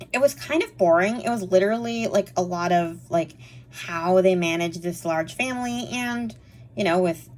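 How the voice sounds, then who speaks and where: Woman book reviewer, casual rambling wrap-up chat, filler-heavy and easygoing. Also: mid-range voice. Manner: chatty and rambling, frequent fillers and quick laughs.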